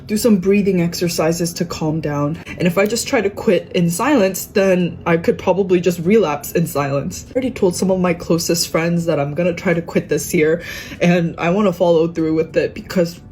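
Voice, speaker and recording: A woman's voice: on the low side, normal speed, a little mellow, slight background noise. A woman speaking earnestly and sincerely in a personal vlog. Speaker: vlogger.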